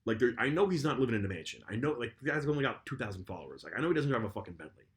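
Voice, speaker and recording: A young man co-hosting a podcast in casual chat, telling stories in an animated, profane way. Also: mid-range voice, very fast. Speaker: podcast co-host.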